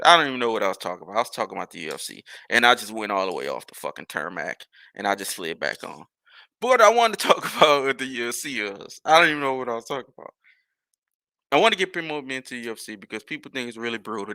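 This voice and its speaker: Animated New man, gravelly voice. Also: medium pitch, no room sound. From New Orleans. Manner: rambling, profane, animated storytelling. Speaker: podcast host. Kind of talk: casual storytelling.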